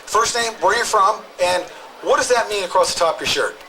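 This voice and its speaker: High-voiced emphatic male talk host. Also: brisk, slight background noise, low-quality recording. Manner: emphatic, rambling, repeats "okay?". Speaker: talk show host interviewing protesters. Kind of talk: open-mic crowd address. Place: outdoor protest crowd. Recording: loud crowd outdoors.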